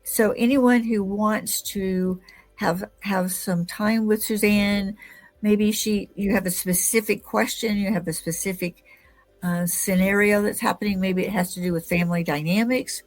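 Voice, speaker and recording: A woman with a mid-range voice hosts an interview podcast. She keeps affirming her guest with quick murmurs of agreement and speaks with enthusiasm. Faint music sits underneath her. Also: medium pitch, fairly even intonation. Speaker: podcast host.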